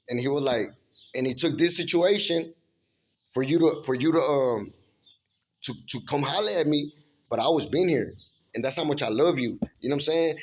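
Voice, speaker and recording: Against slight background noise, a medium-pitched man earnestly recounts a spiritual vision in informal, emphatic testimony, rambling with frequent restarts and checking in with "you know what I'm saying."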